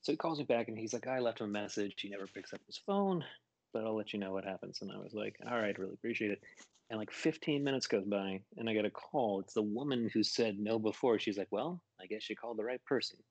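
A man's voice: lowish voice, quick pace, breathy edge. A man chatting casually, telling a long rambling story with fillers and laughs.

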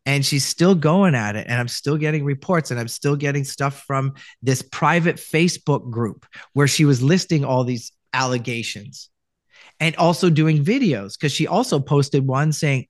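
Man from Canada, interview guest, rambling storyteller, mid-pitched voice, dry close sound. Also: normal speed, no echo. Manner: rambling, many restarts, acts out quoted lines. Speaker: voice actor guest.

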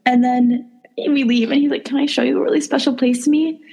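A young woman co-hosting a podcast, telling dating stories in a casual, animated way, acting out quotes and saying "like" a lot. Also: high-pitched, brisk, creaky, breathy edge. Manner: animated, acts out quotes, lots of "like". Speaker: podcast co-host. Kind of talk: casual storytelling chat.

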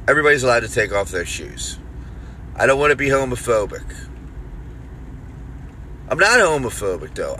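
A man with a Philadelphia accent hosting a solo podcast from his car, rambling crudely and jokingly between loud bursts and mutters. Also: mid-range voice, a little hiss or hum. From Philadelphia area. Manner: rambling, crude, jokey, swings loud and quiet. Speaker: podcast host. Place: car on the road.

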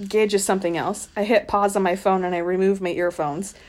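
A woman with a voice of ordinary pitch reads a racy novel aloud in a plain, steady way. She breaks off into sarcastic, laughing commentary on what she has just read. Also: brisk. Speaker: podcast co-host reading a novel aloud. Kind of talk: reading aloud with mocking commentary.

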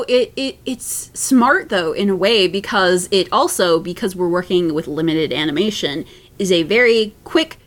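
A woman talking as a podcast guest in a casual chat, laughing often and pausing on fillers. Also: mid-range voice, fairly bright tone.

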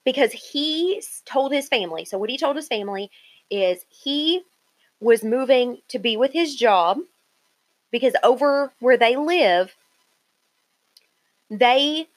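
A woman's voice: on the high side, expressive, takes it slowly, pauses often, no room sound. A woman co-hosting a casual chat, retelling a reality show in detail.

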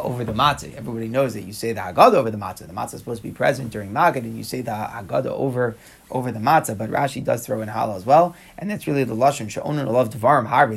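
Man teaching Talmud, quick-paced, heavy gravel in the voice, conversational delivery peppered with Hebrew and Aramaic terms. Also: medium pitch. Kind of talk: explaining a Talmud page.

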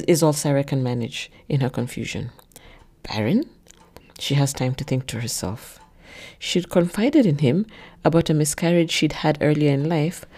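A woman narrating her own written story in a measured, low-key way. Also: mellow. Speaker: narrator and author.

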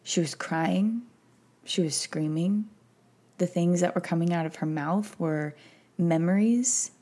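Slow and emotional, a podcast host reflects on personal matters, sometimes close to tears. She has a warm, lowish voice.

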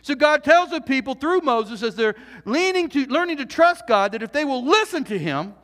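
A male pastor delivering an earnest, animated sermon, full of repeated phrases and questions put to the congregation. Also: extremely high pitch, moderate pace. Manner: earnest, animated preaching with repetitions and rhetorical questions. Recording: reverberant hall.

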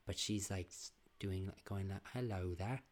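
A man's voice: low voice, completely flat delivery, moderate pace. A man hosting a podcast, telling family stories in a loose, rambling way, swearing freely and restarting his sentences. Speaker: podcast host. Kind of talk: casual storytelling monologue.

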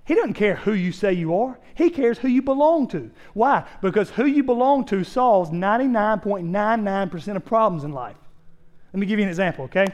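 A man's voice: sits high, a little mellow. A male pastor, around his thirties, preaching a fervent sermon with emphatic repeated phrases and direct questions to the congregation.

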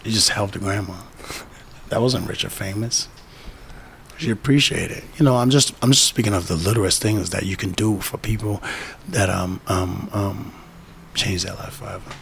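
A man's voice: fairly low pitch, steady tone, normal speed, vocal fry, fairly bright tone, a little hiss or hum. A boxing trainer in casual conversation, talking emphatically, repeating his key phrases and acting out the people he quotes.

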